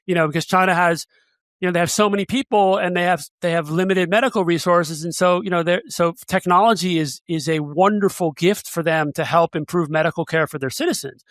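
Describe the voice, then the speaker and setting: A man's voice: high voice, a little fast, fairly bright tone, no room sound, studio quality. A middle-aged man as an interview guest, speaking hesitantly and often restarting his sentences. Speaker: guest analyst. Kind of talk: casual interview chat.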